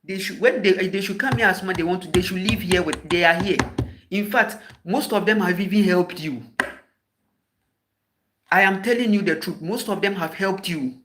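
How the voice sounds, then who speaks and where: A Ghanaian man giving an impassioned spoken address as a spiritual teacher, scolding and emphatic, hammering home points with repeated sharp rhetorical questions. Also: high voice, normal speed, background noise.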